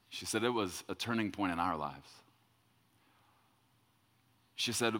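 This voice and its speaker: A man's voice: lowish voice, moderate pace, long pauses, fairly bright tone, big-room sound. A middle-aged man, a pastor, telling a story in a sermon in a loose, conversational way. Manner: conversational, repeats words when quoting himself.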